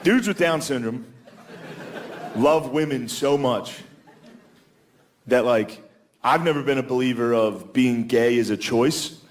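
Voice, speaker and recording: A man's voice: mid-range voice, slow, pauses often. A man doing a stand-up comedy set, talking casually and profanely and calling everyone "dude.". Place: comedy club stage. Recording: live club recording, loud crowd noise. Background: loud audience laughter.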